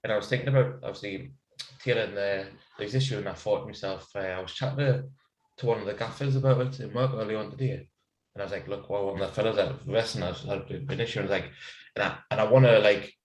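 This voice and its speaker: A man's voice: on the low side, steady tone, fast. A man, co-hosting a podcast, chatting casually over beers with rambling, laughing banter. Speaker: podcast co-host. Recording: echoey room.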